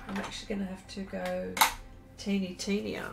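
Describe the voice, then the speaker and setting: A middle-aged woman artist chatting casually on a live stream while she draws, reading viewer comments aloud in an unhurried way. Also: medium pitch, level tone, creaky, heavy background noise. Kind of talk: casual chat while drawing.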